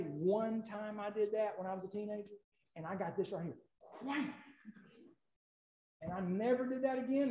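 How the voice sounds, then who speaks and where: A pastor in his forties with a high voice preaches in a folksy, storytelling way. He repeats his main points and drives his lists up to loud emphasis. The sound rings in an echoey church hall. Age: 40s. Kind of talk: sermon.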